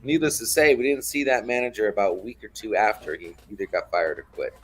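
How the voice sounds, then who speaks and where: Man, low-pitched, swearing and heated, casual live-stream chat storyteller. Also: quick pace, slightly rough.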